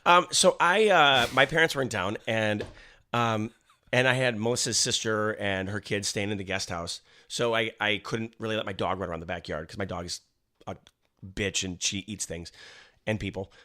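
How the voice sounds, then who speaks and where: A man co-hosting a podcast in casual chat, telling stories in an animated way and swearing freely. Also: lowish voice, moderate pace. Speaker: podcast co-host.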